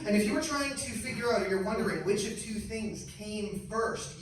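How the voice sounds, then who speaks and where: A man in his thirties from Canada performing an animated stand-up comedy set on a club stage, storytelling with sudden shrieking character voices. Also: extremely high pitch, normal speed, few pauses. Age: 30s. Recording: echoey club, distant mic, loud audience noise.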